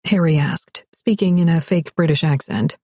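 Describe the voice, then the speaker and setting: A woman narrating a romance audiobook in a wry, expressive read. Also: deep voice, moderate pace, breathy edge, dry recording, clean studio sound. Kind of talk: scripted narration.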